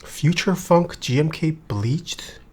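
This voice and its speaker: A husky, medium-pitched streamer speaks slowly, reading viewer questions aloud during a relaxed chat and replying offhand. While typing, the voice tends to go quiet.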